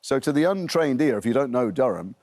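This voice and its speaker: A middle-aged man from Liverpool talks quickly and chattily as a guest on a morning TV interview. He spins self-mocking anecdotes one after another. The sound is close and dry, with little room echo. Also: medium pitch, lively intonation, darkish tone. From Liverpool, England. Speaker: actor guest. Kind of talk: breakfast TV interview.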